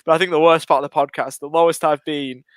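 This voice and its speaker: A man's voice: on the high side, steady tone, fast, dry recording. Chatty, self-deprecating podcast guy. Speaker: podcast co-host. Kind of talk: casual podcast banter.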